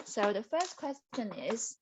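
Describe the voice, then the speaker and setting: A woman telling a story to her young child with puppets, animated, acting out the characters and switching into Mandarin now and then. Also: a little high, slow pace, heavy background noise. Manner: animated, acts out voices, mixes in Mandarin.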